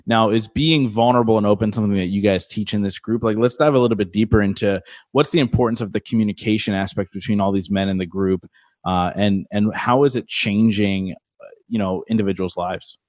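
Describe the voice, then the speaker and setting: A man hosting a podcast, asking relaxed, thoughtful questions and adding short backchannel replies. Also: fairly low pitch, brisk, dry recording, studio quality. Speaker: podcast host.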